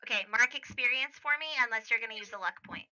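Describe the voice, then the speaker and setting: A woman narrating a tabletop role-playing game as game master, slow and hushed, with frequent fillers. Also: a little high, muffled recording.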